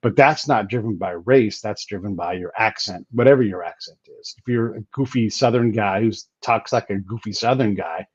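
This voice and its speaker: A man hosting a casual conversation, telling stories emphatically and talking in quick bursts. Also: fairly low pitch, slightly rough, no echo. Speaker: podcast host. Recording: dull lo-fi recording.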